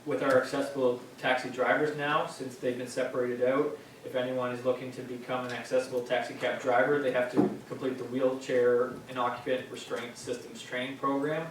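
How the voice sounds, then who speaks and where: A man on municipal staff explaining a bylaw at a council meeting, with frequent pauses and fillers. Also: mid-range voice, little pitch movement. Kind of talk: formal meeting presentation. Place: council chamber. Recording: echoey chamber, distant mic, faint noise.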